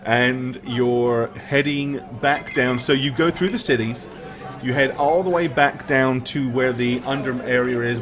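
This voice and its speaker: A man narrating as game master of a tabletop game, relaxed and with frequent ums. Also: mid-range voice.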